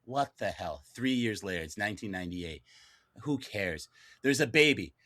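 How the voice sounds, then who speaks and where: A man's voice: on the low side, animated, normal speed, bright, forceful tone. A man arguing the prosecution's case on a podcast in an exasperated, profane rant. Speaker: prosecutor in a mock movie trial. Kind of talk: casual podcast debate.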